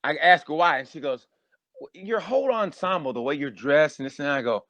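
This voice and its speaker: High-energy animated man telling stories. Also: fairly quick, dry recording. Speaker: guest comedian. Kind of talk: casual podcast chat.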